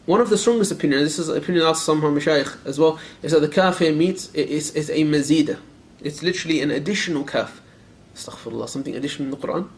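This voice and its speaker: A man teaching a lecture class on a creed text. He questions his students directly, repeats phrases for emphasis and recites Arabic verses quickly. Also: on the high side, slight background noise. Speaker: Islamic teacher.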